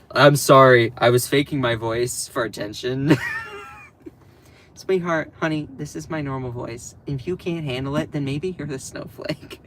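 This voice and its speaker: Sarcastic animated man streaming live. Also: mid-range voice, a little hiss or hum. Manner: sarcastic, animated, talks back to chat. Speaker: political livestream host. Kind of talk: casual livestream commentary.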